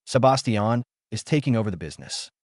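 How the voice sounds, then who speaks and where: A man's voice: fairly low pitch, expressive, fairly quick, no echo, clean studio sound, lightly acted. A man voicing a stubborn, dismissive father who answers in curt, cold lines, in a narrated drama story.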